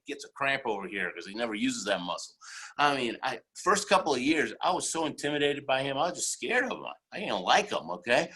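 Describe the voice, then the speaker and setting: A middle-aged man giving a motivational speech, telling stories in an animated way and tagging lines with "right?" and "okay?". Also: medium pitch, breathy edge. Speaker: motivational keynote speaker.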